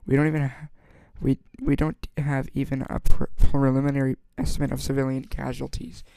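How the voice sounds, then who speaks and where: A man reading aloud and voicing a stern middle-aged male leader who speaks firmly and a bit louder. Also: medium pitch, flat delivery, fairly quick, creaky, clean tone, no echo, close to an everyday voice.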